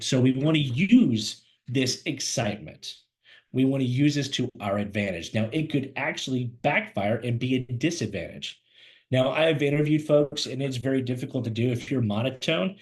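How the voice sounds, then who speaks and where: A man teaching job seekers to camera as a career coach, fast-talking and emphatic, animated and gesturing as he speaks. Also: mid-range voice. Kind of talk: energetic instructional talk to camera. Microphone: camera mic, speaking to camera.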